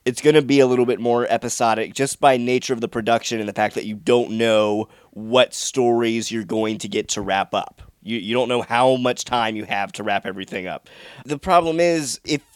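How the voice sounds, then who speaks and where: A man co-hosting a casual chat about a TV show, measured and explaining at length, sounding frustrated. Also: medium pitch, clear, resonant tone, no echo, clean studio sound. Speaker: podcast co-host.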